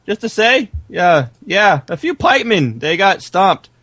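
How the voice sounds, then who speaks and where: A man's voice: high-pitched, very animated, measured pace, a bit bright, no echo, heavily acted. A man voicing a flustered male soldier who gives a hesitant, rambling report full of ums.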